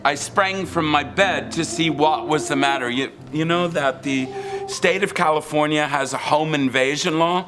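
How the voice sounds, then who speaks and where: An actor playing an odd grown man who reads a Christmas poem to children, speaking slowly and deliberately with deadpan pauses, in a TV sketch clip. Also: on the high side, over music, natural voice. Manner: slow, deliberate, pausing, deadpan musings. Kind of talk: sketch comedy on a live TV show. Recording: TV clip with studio audience noise. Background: audience laughter.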